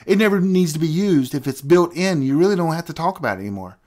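A man's voice: a little high, lively intonation, quick pace, a little mellow. A middle-aged man hosting a podcast, talking animatedly and acting out conversations in a casual rant. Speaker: podcast host. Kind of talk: casual ranting chat.

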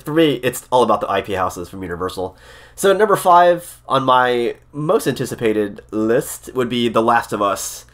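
An excitable man talking straight to camera in a casual vlog. He rambles, restarts sentences and repeats words as he goes, at a middling pitch for a man. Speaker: theme park vlogger.

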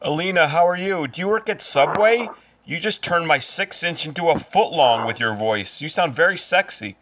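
A man making prank phone calls, delivering cheesy pick-up lines in a deadpan way. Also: on the high side, moderate pace, lo-fi sound, noisy background. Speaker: prank caller.

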